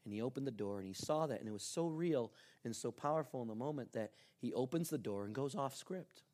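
A man preaching a sermon as pastor, telling a story with lively ups and downs and soft, earnest appeals. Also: mid-range voice, fairly quick.

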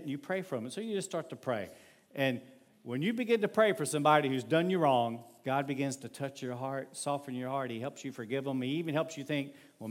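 A male pastor preaching a sermon in a conversational, animated way, acting out everyday scenes. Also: on the high side.

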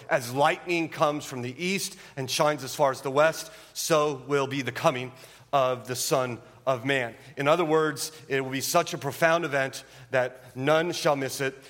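A man's voice: medium pitch, fairly bright tone. A man preaching a sermon as a pastor, emphatic and full of rhetorical questions. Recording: long reverb of a church hall.

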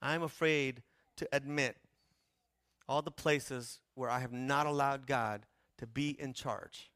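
A man preaching a sermon as pastor, impassioned, with a repetitive cadence that swings from hushed to loud. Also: medium pitch, steady tone, slow, dry recording, clean studio sound.

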